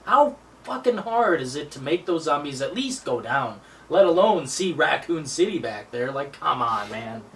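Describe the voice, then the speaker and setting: A man in casual stream chat whose pitch leaps around a lot, profane and slangy. His voice comes from well off the mic, with faint noise behind it. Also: very animated, normal speed, bright, forceful tone, recorded from a distance.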